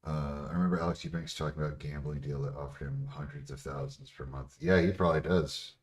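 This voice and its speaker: Pria bersuara sangat rendah, bicara kasar. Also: male voice, a bass voice, steady tone, quick pace. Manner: profane, blunt, laughs often. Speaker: streamer answering chat questions. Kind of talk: casual livestream chat.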